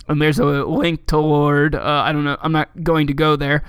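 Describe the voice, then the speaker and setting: A man's voice: fairly high pitch, flat delivery, moderate pace, hardly any pauses, smooth, no room sound, studio quality. A man co-hosting a casual podcast, reading fan writing aloud with sarcastic, profane commentary. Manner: sarcastic, swears often, laughs at the text.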